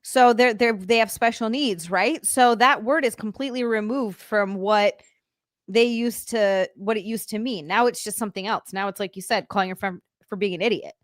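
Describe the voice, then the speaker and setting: A woman's voice: mid-range voice, normal speed, dry recording, clean studio sound. A woman guest on a podcast, blunt and upbeat, laughing often in casual chat over a video call.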